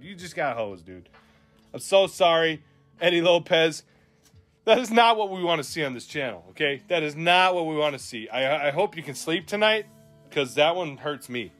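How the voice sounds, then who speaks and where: Young dude w hyping card pack openings, bright punchy voice, bit of music behind. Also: male voice, fairly high pitch. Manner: animated, slangy, hyped. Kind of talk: excited live commentary on pack openings.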